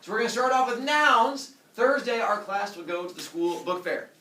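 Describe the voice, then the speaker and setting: A man's voice: high voice, expressive, moderate pace, bright, forceful tone, a little hiss or hum. A man teaching a middle school class, joking and teasing his students as he goes. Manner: playful, teasing. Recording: echoey classroom from far off.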